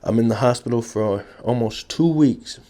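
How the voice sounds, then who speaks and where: A man's voice: mid-range voice, moderate pace, warm tone. A man telling a story from his past in blunt, profane street talk, repeating key phrases for effect. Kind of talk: casual street storytelling to camera.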